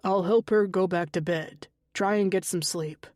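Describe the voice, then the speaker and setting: A woman narrator voicing a sleepy young adult son who speaks quietly and reassuringly. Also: on the low side, unhurried, no echo, clean studio sound, lightly acted. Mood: calm.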